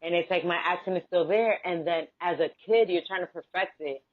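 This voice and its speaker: A woman's voice: on the low side, a little fast, phone-quality sound. A woman with a Bronx Dominican accent whose first language is Spanish, telling stories as an interview guest and acting out the voices in them. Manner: animated storyteller, acts out quoted exchanges. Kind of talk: casual interview chat.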